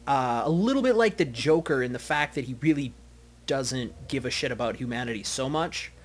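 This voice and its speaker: A man's voice: medium pitch, animated, moderate pace. A man hosting a let's play, reading the game aloud and chatting casually with some swearing. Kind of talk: casual gameplay commentary.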